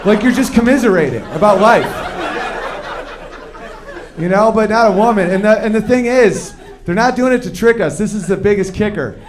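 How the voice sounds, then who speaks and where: A man performing a stand-up comedy routine, telling stories with quick shifts into acted-out quotes of men and women, on a comedy club stage with a handheld mic while the audience laughs. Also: high-pitched, slight background noise.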